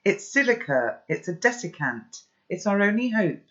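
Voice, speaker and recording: A man's voice: very animated, normal speed, lo-fi sound. A man voicing an urgent bossy boy. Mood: urgent commanding. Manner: loud, clipped commands, raised pitch. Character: urgent bossy young boy taking charge.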